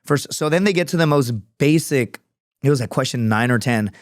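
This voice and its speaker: A man in his thirties tells stories in a loose, rambling way, full of swearing and sudden tangents. His voice sits at an ordinary middle pitch. The sound is close and dry, with no room behind it. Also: lively intonation, a little fast, no room sound. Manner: rambling, profane, jumps between stories. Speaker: podcast guest, former Marine scout sniper and comedian. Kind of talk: casual storytelling chat.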